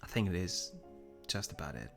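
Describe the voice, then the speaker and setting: A man's voice: deep voice, animated, normal speed, gravelly, soft background music. A young man with a French accent, chatting casually on a live stream, rambling and self-deprecating as he answers viewer comments. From Germany. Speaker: livestream host.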